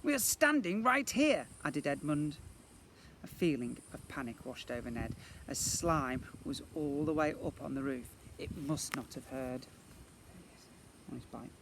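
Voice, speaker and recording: A man, a primary school teacher, reading a children's book aloud in an expressive way. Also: mid-range voice, unhurried, vocal fry, noisy background. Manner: animated, expressive storyteller.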